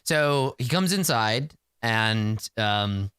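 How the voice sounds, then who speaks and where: Guy running a tabletop game, lively sing-song telling, dry close sound. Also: on the low side, very slow, clear, resonant tone, no echo. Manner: lively storytelling, with fillers and laughs. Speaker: game master.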